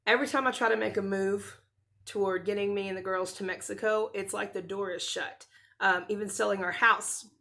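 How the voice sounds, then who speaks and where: A woman in her thirties talks straight to her camera, rambling and restarting her sentences as she tries not to cry. Her voice sits at a middle pitch and has a creaky, gravelly edge. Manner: earnest, rambling, with many restarts and soft laughs. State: close to tears. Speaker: vlogger. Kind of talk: casual talk to camera.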